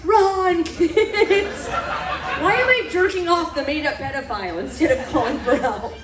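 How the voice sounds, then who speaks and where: Brash high-voiced woman comic. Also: big pitch swings, moderate pace, a loud crowd, very noisy. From Mississippi, US. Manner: crude, brash, laughs at own jokes, acts out voices. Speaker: stand-up comedian. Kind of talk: stand-up routine. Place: comedy club stage. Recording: echoey club room, distant mic. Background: audience laughter.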